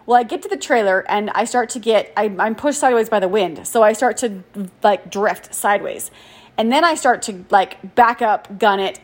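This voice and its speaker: Fortysomething woman telling a story, chatty, pokes fun at herself, kinda high voice. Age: 40s. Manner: chatty, animated, self-deprecating with frequent "like". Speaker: podcast host. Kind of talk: casual storytelling monologue.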